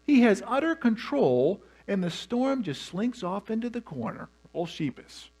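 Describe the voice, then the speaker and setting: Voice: medium pitch, very animated, unhurried, darkish tone, husky. A pastor preaching a sermon, telling the story with humor and animation.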